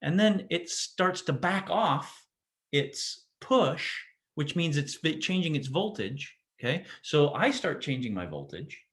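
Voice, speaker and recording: A man's voice: medium pitch, fairly bright tone. A man teaching physics in a casual classroom lecture, often restarting sentences and checking in with his students. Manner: casual, self-interrupting, checks in with "right?".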